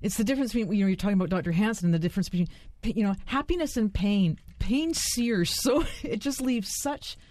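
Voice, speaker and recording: A woman's voice: mid-range voice, quick pace, a little mellow, no room sound. A woman co-hosting a talk show, chatting animatedly and laughing easily. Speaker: co-host. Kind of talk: casual chat.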